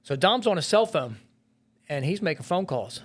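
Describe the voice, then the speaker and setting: This time the middle-aged firefighter and police officer sounds high-pitched and very animated at a moderate pace. Recounting a painful rescue in a podcast interview, he's blunt, swears heavily, and uses lots of fillers.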